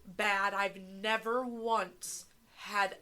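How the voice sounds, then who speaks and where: Bright young mom, earnest and candid; podcast co-host talking with her mother. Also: medium pitch, steady tone, drawn-out words. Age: young adult. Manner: earnest, heartfelt, swearing. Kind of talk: casual chat.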